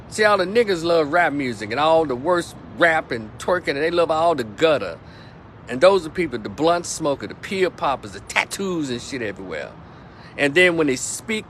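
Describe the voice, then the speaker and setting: A man's voice: a little high, fairly bright tone, a little hiss or hum. A man giving an indignant, preachy opinion rant to camera, often repeating words as he restarts his sentences. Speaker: opinion commentator.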